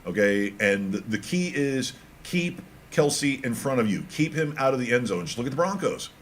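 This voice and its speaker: A man co-hosting a sports radio show, talking in an emphatic, animated and teasing way. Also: medium pitch, normal speed, slight background noise. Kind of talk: casual sports talk.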